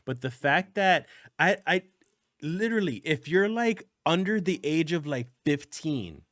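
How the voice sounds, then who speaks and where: A man's voice: a little high, no echo, clean studio sound. A man hosting a casual gaming news podcast, rambling and restarting as he talks things through. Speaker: podcast host.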